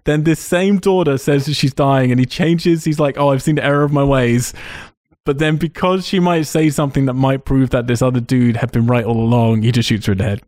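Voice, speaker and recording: A man's voice: mid-range voice, fairly even intonation, brisk, few pauses, a little mellow, dry recording, studio quality. Laughing, sweary man recapping a film. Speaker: podcast host. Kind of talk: casual film review chat.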